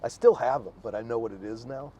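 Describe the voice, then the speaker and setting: A man, a former Marine, talking as a guest in a casual interview, halting and stammering as he speaks. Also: mid-range voice, mellow, a little hiss or hum. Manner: halting, stammering, restarts often.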